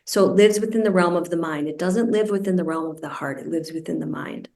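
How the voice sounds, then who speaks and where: A woman meditation teacher guiding a group through a breathing practice, speaking slowly and deliberately, over a video call. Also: on the low side, vocal fry, darkish tone. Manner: slow, deliberate, soothing instruction. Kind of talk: guided meditation instruction. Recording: roomy and distant from the mic.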